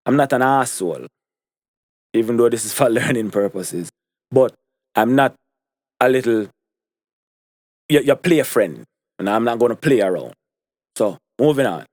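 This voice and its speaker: A young Jamaican man talks straight to camera in an emphatic monologue, hammering each point by saying it twice. His voice sits at an ordinary middle pitch. The sound is dry and close, with no room around it. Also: darkish tone, dry recording. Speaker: commentary vlogger.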